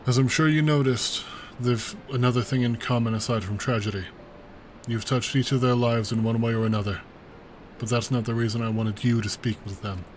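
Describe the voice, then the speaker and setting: A man voicing an older male resistance commander while reading game dialogue aloud, earnest and measured. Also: medium pitch, steady tone, darkish tone, a little hiss or hum, lightly acted, low-quality recording.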